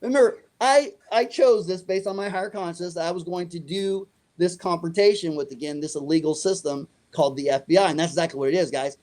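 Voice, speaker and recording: A man's voice: high voice, fast talker, few pauses. A middle-aged man telling a story in an interview, acting out the other voices in it. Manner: animated, acts out dialogue. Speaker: guest.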